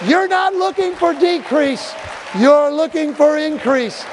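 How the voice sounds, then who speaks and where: A male pastor preaching a sermon in a church, telling funny stories and breaking into shouted exhortations. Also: very high voice, slow pace, big-room sound, a crowd in the background, noisy background. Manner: animated, humorous storytelling with shouted exhortations. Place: church sanctuary.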